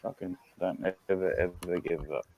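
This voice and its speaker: A man's voice: low-pitched, fairly even intonation, moderate pace, dull audio. A man with an Australian accent, bantering on a live stream, teasing and swearing while repeating himself. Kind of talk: casual livestream banter.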